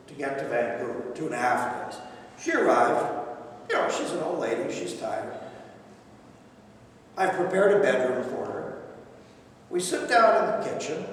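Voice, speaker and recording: A man's voice: high-pitched, far from the mic, slight background noise. An older man giving a lecture at a recovery centre, telling personal stories, repeating phrases for emphasis and chuckling. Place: lecture room. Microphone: distant microphone. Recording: echoey hall recorded from afar.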